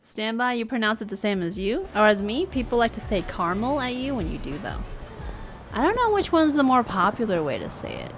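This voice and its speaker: A young woman chats casually while live-streaming a game. She muses aloud and playfully repeats words. Clear game music runs underneath her voice. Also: fairly high pitch, huge pitch swings, a little fast.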